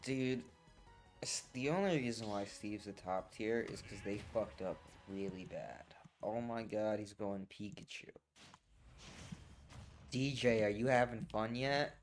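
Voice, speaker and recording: A man's voice: fairly low pitch, a little slow, soft background music. Profane, rambling young streamer guy. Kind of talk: casual stream chat over a game tournament.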